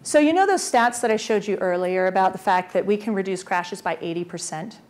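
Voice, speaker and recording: A woman giving a conference presentation as a transportation official, energetic and full of rhetorical questions. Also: medium pitch, a little fast.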